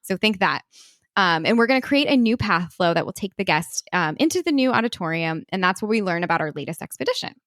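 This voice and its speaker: A woman's voice: mid-range voice, big pitch swings, a bit bright, dry recording, studio quality. A woman co-hosting a podcast, presenting her ride idea in a giggly, bubbly, casual way. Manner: giggly, bubbly, quick to apologize. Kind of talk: casual chat.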